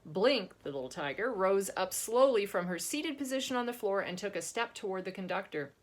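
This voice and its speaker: A woman's voice: medium pitch, expressive, a little fast. A woman author chatting casually about her book and reading from it. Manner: chatty, laughs often, restarts.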